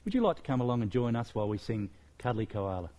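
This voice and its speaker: A middle-aged man with an Australian accent presenting a children's storytime show, lively and enthusiastic with plenty of exclamations. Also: mid-range voice, fast talker.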